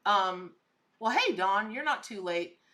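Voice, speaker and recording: A middle-aged woman who reads tarot and spirit animals hosts a live stream, chatting with viewers, gushing and exclaiming at what she sees. Her voice is mid-range, animated, bright, and forceful, with a slightly slow pace.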